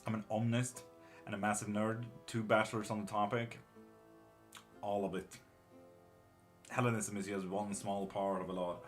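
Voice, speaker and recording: Low-voiced man reading tarot live. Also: little pitch movement, moderate pace, long pauses, faint music behind. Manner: casual, reads chat aloud, mutters curses under his breath. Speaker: tarot reader and witchcraft teacher. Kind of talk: live-stream tarot reading, answering chat.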